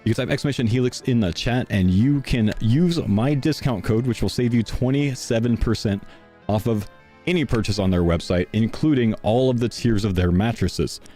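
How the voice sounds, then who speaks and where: A man's voice: medium pitch, moderate pace, dark tone, faint music behind. A young man live-streaming a sponsor read, out of breath and chatting casually to his viewers. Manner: casual, chatty, talks to chat.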